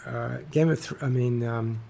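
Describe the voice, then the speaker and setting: A man talks in a relaxed interview, his voice carrying a gravelly rasp. He halts often, restarting sentences and filling pauses with ums and uhs as he works through an idea. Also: medium pitch. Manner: halting, many fillers and restarts. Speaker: author guest. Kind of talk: interview conversation.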